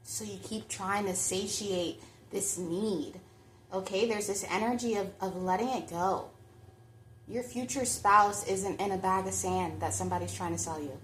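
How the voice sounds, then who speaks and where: A woman's voice: mid-range voice, fairly even intonation, measured pace, a bit bright, echoey room, a little hiss or hum. A woman giving a chatty pick-a-card tarot reading, talking straight to her viewers. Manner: chatty, reflective, addresses viewers directly. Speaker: tarot reader.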